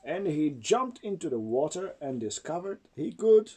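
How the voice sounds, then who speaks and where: A man's voice: on the high side, very animated, moderate pace, darkish tone, breathy edge. A man with Czech as his first language, reading a storybook aloud to his child at home in a sing-song way.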